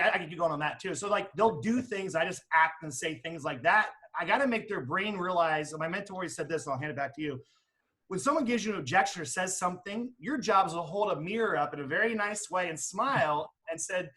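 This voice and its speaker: Fast, high-voiced animated salesman. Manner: quick, animated, many restarts. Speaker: insurance salesman. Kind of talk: casual panel chat.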